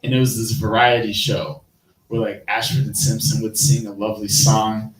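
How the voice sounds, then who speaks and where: Far from the mic, this man's lowish, steady voice echoes at normal speed on a rough recording. He's a Midwestern comic performing rambling, self-mocking stand-up on a live stream and chuckling at his own material.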